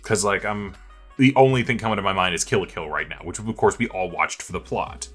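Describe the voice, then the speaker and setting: Male podcast host, bright tone, playful questioner, faint music behind. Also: low voice, fairly quick. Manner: asks questions and jokes. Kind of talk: casual chat.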